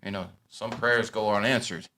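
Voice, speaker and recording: A man in his thirties hosting a casual chat, blunt and profane, swinging from loud rants to low asides. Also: steady tone, moderate pace, slight background noise. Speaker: podcast host.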